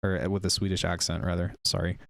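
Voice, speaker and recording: A male music producer on a casual live stream, chatting with viewers while demoing software, rambling and unsure of himself. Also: sits low, level tone, fast, creaky, no echo.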